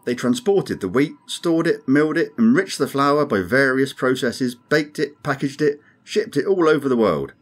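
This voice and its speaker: A man's voice: medium pitch, expressive, moderate pace, hardly any pauses, pitched above the performer's own voice, lightly acted. A man voicing a grim, sardonic male alien crewman who speaks dryly and insistently. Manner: dry, insistent, ominous.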